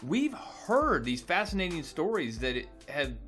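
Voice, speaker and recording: A man voicing a woman doctor who answers calmly and firmly. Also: fairly high pitch, a little slow, soft background music. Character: calm firm woman doctor, patient.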